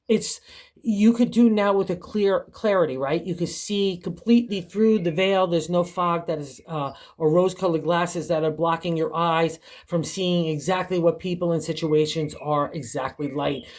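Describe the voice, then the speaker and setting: A woman's voice: on the low side, moderate pace, darkish tone. An older woman giving a casual, encouraging tarot reading, chatty and full of conversational fillers. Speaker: tarot reader.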